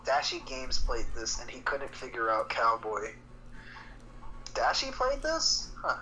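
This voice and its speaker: A man's voice: mid-range voice, wildly swooping pitch, measured pace, bright, forceful tone, a little hiss or hum, rough recording. A man co-hosting a gaming stream, reading chat messages and giving his opinions casually with some hesitation.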